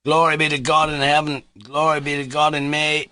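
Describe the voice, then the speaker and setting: A feverish, reckless young nobleman who rambles and gushes in a raised, lively voice, as a male audiobook reader puts him on. The sound is close and dry. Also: a little high, a little fast, no echo, voice pushed up. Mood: feverish, expansive. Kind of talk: audiobook reading.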